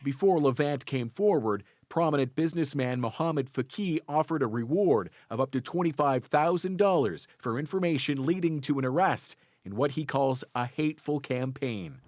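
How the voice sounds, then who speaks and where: A man's voice: mid-range voice, normal speed, hardly any pauses, a little mellow. Formal male news reporter voice-over. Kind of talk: scripted news narration.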